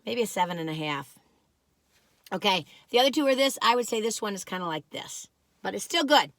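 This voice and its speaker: A woman in her sixties, chatting casually as she reviews food on camera, rambling and self-deprecating, with a slightly squeaky voice that has mellowed over the years. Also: lively intonation, a little fast, fairly bright tone, no echo. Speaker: vlogger.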